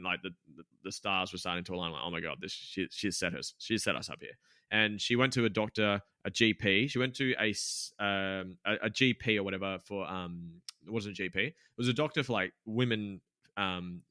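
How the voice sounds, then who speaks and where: Clean, dry studio audio captures a twenty-something man, a gym owner guesting on a podcast, who recounts a candid story with heavy swearing, fillers and false starts. His voice is on the low side, pushed and bright.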